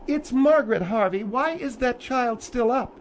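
A man putting on a prim, busybody older lady in a comedy radio bit. She scolds and preaches in a very high, thin voice, with a faint hiss behind it. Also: expressive, moderate pace. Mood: scolding. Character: prim, nosy older woman, a mother.

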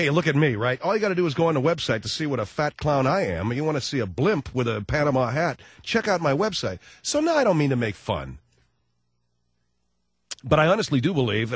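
A middle-aged male radio host with a high, husky voice rambles through a sarcastic comic monologue. His pitch swings widely, and the sound is dry and close on the mic. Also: no room sound. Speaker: radio talk show host. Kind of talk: comedic talk radio monologue.

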